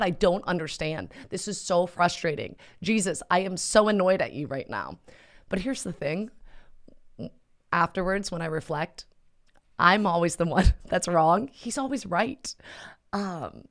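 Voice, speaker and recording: A woman hosting a casual question-and-answer video, talking gently and conversationally with frequent fillers and restarts. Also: on the low side, vocal fry. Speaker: host answering viewer questions; mother. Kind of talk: casual spoken Q&A.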